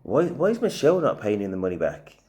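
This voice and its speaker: Low-voiced man reacting to a clip. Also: wildly swooping pitch, fast talker, dark tone. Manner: thinks aloud, informal slangy talk. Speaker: reaction video host. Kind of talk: casual reaction commentary.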